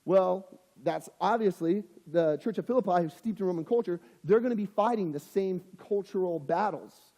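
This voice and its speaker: Young male youth pastor, high-pitched and mellow, casual sermon style, long hall echo. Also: moderate pace, few pauses. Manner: conversational, acts out quoted voices.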